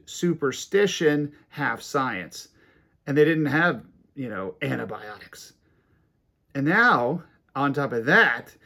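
A man preaching a sermon, animated and rising to emphatic peaks, reading scripture aloud between his comments. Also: a little high. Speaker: pastor.

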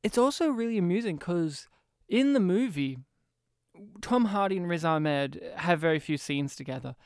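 A man with a high, smooth voice chats about a movie, swearing freely and slipping into mock quotes. The sound is close and dry. He talks like an animated co-host. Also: moderate pace, no echo. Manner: animated, sweary, mimics lines. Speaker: podcast co-host. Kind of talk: casual film review chat.

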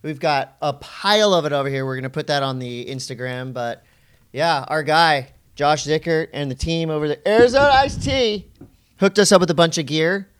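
Man, podcast co-host, joking banter, slightly high pitch. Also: normal speed, smooth. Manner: joking, teasing.

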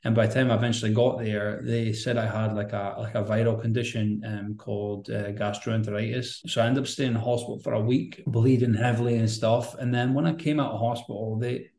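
A man's voice: medium pitch, fairly even intonation, brisk, few pauses, warm tone, roomy sound. A man, a podcast guest telling a candid personal story in a rambling, earnest, conversational way.

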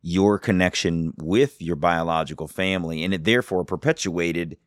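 A man's voice: low-pitched, normal speed, no room sound, studio quality. A man hosting a podcast, who reflects on and sums up his guest's story before asking questions. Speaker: podcast host. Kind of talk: interviewer summarizing and asking.

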